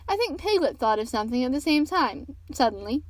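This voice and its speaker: A gentle, muddled teddy bear from a storybook, as a woman reads him, mild and a little dreamy. His voice sits high and is heard close and dry. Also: sing-song, fairly quick, no echo.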